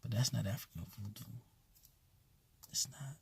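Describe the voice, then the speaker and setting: A man's voice: lowish voice, moderate pace, gravelly, a little mellow, husky. A man who teaches at a voodoo temple, talking bluntly and casually with emphatic repetition. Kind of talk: casual spoken commentary.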